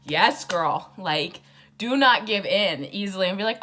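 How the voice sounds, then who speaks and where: A woman's voice: medium pitch, animated, unhurried, bright, forceful tone. A drunk young woman rambling through a casual, profane book summary with sarcastic asides. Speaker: book vlogger.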